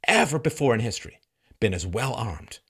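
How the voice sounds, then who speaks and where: A male commentary host giving an emphatic, sarcastic monologue full of rhetorical questions and chuckles, dropping from loud mocking peaks to low, grave tones. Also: very animated, fairly quick, creaky, breathy edge. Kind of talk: commentary monologue reacting to a news segment.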